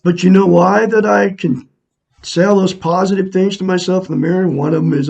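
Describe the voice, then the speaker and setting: A man's voice: sits high, fairly even intonation, a little fast, creaky, a little mellow, lo-fi sound. A man in his sixties earnestly talking to viewers in a casual, repetitive, preachy monologue. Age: 60s. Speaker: self-help vlogger. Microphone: camera mic, looking into a mirror.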